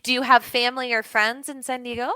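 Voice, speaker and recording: A woman's voice: on the high side, level tone, fairly quick, pushed and bright, clear, resonant tone, no room sound. A young woman from Florida tutoring English over a video call, chatty with many fillers and restarts. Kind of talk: casual online lesson chat.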